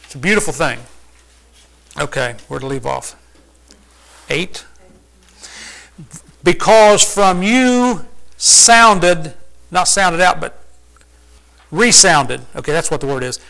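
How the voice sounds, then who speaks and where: Folksy man preacher, high and bright, teaches casually and quizzes the room. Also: sing-song, slow pace, gravelly, pauses often, poor audio. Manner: folksy, conversational, asks the listeners questions. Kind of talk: informal Bible teaching.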